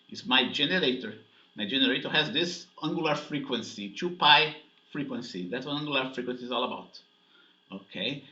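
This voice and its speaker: A man's voice: a little high, bright, forceful tone. Man lecturing in an echoey room. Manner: explanatory, checks understanding with frequent "okay?" and "right?". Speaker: physics teacher. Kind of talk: classroom lecture. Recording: echoey dull lecture recording.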